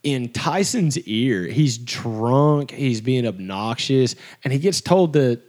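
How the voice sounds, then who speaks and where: A man's voice: medium pitch, takes it slowly. A young man co-hosting a podcast in casual chat, talking animatedly and acting out the people he quotes. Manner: animated, acts out quoted voices. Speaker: podcast co-host.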